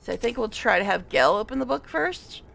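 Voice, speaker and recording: A woman's voice: on the high side, lively intonation, fairly quick, vocal fry, noisy background. A woman streamer giving casual gameplay commentary, chatty and giggly, with frequent laughs.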